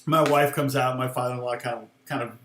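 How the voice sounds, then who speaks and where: A man's voice: mid-range voice, steady tone, fast, fairly bright tone. Rambling middle-aged man in an echoey room. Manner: rambling, chuckling, many restarts. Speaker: guitar teacher on a live stream. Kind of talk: casual storytelling chat.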